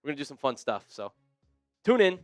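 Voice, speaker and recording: A man hosting a live sports talk stream, chatting excitedly with viewers and a co-host. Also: brisk, no echo, clean studio sound, soft background music. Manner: excitable, jumps up in pitch when fired up. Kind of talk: livestream sports chat.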